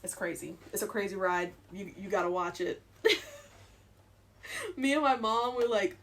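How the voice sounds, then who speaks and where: A woman's voice: medium pitch, big pitch swings, moderate pace, a bit bright. A young woman streaming live as she sews, chatting and giggling and muttering to herself as she works. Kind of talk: live-stream chat while sewing.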